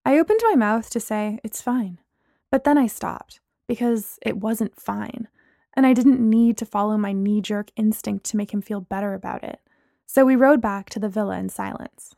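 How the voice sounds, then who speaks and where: A woman's voice: mid-range voice, normal speed, gravelly, dark tone, dry recording, studio quality. A woman in her twenties narrating a first-person audiobook story expressively.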